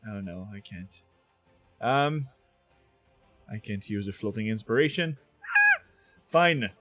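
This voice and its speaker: A man's voice: on the low side, animated, slow pace, over music. A man narrating a tabletop game as game master, laughing and hesitant with fillers.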